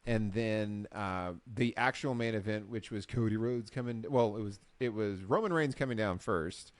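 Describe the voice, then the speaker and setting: A man co-hosting a casual recap show, telling the story with lively acted-out quotes. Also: lowish voice, moderate pace, dry recording. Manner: animated storyteller, acts out quotes. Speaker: podcast co-host. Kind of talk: casual chat.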